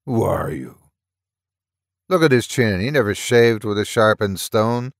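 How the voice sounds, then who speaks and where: A stern, sharp-eyed old lighter, voiced by a man, questions strangers in a low voice. He is harsh and commanding in a dry, close recording. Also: lively intonation, measured pace, vocal fry, no room sound. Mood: suspicious.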